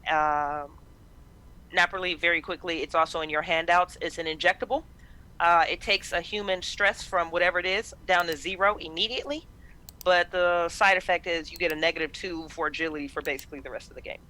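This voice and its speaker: A woman narrating as game master of a tabletop game, with many pauses and fillers. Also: on the low side, steady tone, pushed and bright. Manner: hesitant, lots of fillers.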